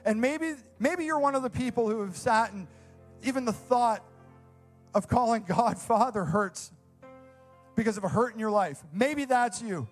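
A man's voice: extremely high pitch, lively intonation, moderate pace, soft background music. A young man preaching a sermon as a youth pastor, earnest and enthusiastic, repeating phrases for emphasis.

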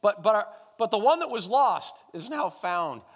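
A man's voice: high voice, big pitch swings, normal speed. A man preaching a sermon and leading prayer in a church, emphatic and repetitive, calling out to the congregation. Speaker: pastor. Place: church service. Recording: long church hall reverb.

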